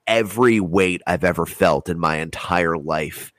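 A man's voice: deep voice, unhurried, no echo. A man telling a long story in casual chat, rambling and swearing a lot. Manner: rambling, heavy swearing, animated retelling.

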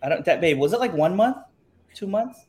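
A man's voice: high voice, animated, a little fast, darkish tone, slightly rough. A man in casual chat, telling his own story with playful energy and acting out quotes.

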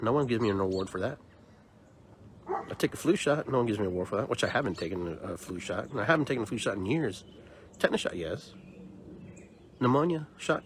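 A man with a fairly low voice holds forth on his podcast in an opinionated monologue. He leans into his points emphatically and stumbles over repeated words as he builds up steam. A faint background noise sits under the recording. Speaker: podcast host.

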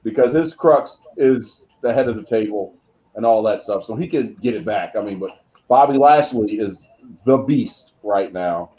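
A man's voice: fairly low pitch, normal speed, lo-fi sound. A man co-hosting a casual wrestling chat, pushing questions and laying out booking ideas. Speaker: podcast co-host.

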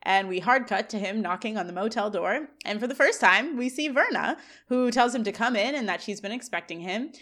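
A woman co-hosting a podcast, recapping a TV episode scene by scene and reading quoted lines in a flat voice. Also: fairly high pitch, brisk, hardly any pauses. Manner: recounts scenes, quoting lines in a flat read. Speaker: podcast co-host. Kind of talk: casual recap chat.

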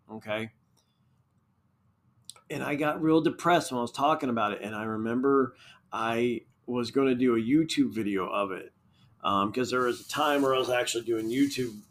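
Earnest ranting man, mid-pitched. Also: a bit bright. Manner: frequent fillers and trailing restarts. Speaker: podcast host. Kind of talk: casual solo monologue. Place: child's bedroom, sitting on the floor.

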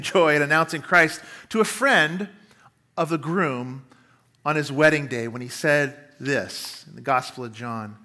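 A man preaching a sermon, emphatic, with dramatic pauses and quotes read out in character. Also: on the high side, bright, forceful tone. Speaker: pastor.

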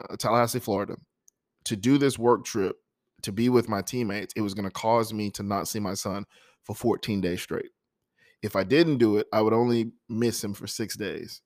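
A man telling a personal story before reading a poem, speaking softly with halting, emotional pauses. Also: fairly low pitch, no echo, clean studio sound. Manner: soft-spoken, halting and emotional. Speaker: poet introducing a poem.

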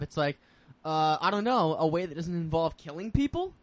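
Brief: young guy, slightly higher voice, blunt and profane, podcast co-host. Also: lively intonation, brisk. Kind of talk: casual podcast chat.

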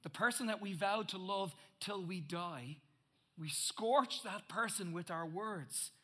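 A middle-aged male pastor preaching a sermon, swinging from loud emphatic bursts to hushed, intense asides. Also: high voice, slow pace, slightly rough.

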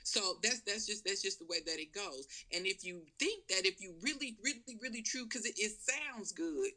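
A woman's voice: mid-range voice, animated, normal speed, pushed and bright. A middle-aged mother arguing bluntly with her adult son, cursing freely and talking over him. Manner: blunt, profane, interrupting. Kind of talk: heated family argument.

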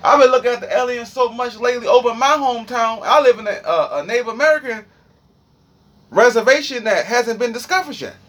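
A man's voice: very high-pitched, brisk, fairly bright tone. A young man with a Washington, D.C. accent, rambling profanely and animatedly through a freestyle monologue. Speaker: streamer.

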